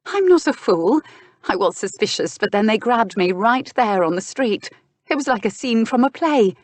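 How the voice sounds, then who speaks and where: A woman narrator voicing a young female stage actress, tearful and breaking into sharp outbursts. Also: on the high side, lively intonation, normal speed, no room sound, pitched above the performer's own voice. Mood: distraught. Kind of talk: audiobook dialogue reading.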